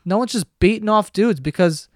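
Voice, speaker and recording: A man's voice: high voice, normal speed, no room sound, studio quality. A man hosting a podcast, ranting casually with lots of swearing and sarcasm. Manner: profane, sarcastic, animated ranting. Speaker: podcast host.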